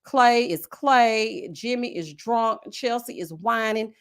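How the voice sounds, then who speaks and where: A woman's voice: on the high side, slow, clear, resonant tone. A woman hosting a casual reality show recap livestream, chatty and sassy, reading viewer comments aloud. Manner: acts out the cast's lines in exaggerated whiny voices.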